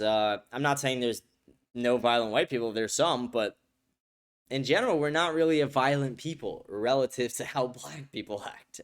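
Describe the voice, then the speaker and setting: Brief: male show host, casual streamed commentary, blunt and profane, voice of average height. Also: mid-range voice. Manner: profane, blunt, talks straight to viewers.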